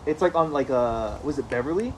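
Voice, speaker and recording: A man's voice: mid-range voice, a little fast, a little hiss or hum. A man, co-hosting a podcast, tells a laid-back story in casual chat, swearing and laughing along the way. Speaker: podcast co-host.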